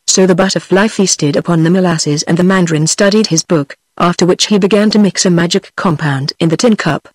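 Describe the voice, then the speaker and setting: A text-to-speech woman's voice with a British English accent, reading a fairy tale aloud in a steady, even audiobook manner. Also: on the low side, brisk, few pauses, husky, dry recording. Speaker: audiobook narrator. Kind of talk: synthetic audiobook narration.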